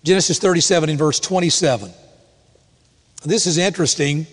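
A man preaching a sermon with a somewhat high voice. He reads scripture in a measured, deliberate cadence, and the sound carries a long hall reverb. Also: slightly rough. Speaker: pastor.

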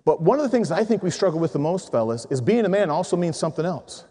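A middle-aged man preaching a sermon to men, telling animated stories and acting out voices in his anecdotes. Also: high-pitched, fast. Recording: long hall reverb.

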